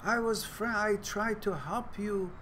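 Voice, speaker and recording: A man's voice: high-pitched, measured pace, pushed and bright, slight background noise, voice pushed up. A man voicing a friendly, naive male frog in a fable, talking in an exclaiming, indignant way. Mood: outraged.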